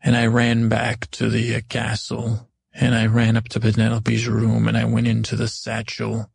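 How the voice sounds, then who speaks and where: Guy rambling through a silly improv story, monotone, raspy. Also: on the low side, moderate pace, no room sound. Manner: rambling, full of restarts and quoted dialogue. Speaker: comedic storyteller.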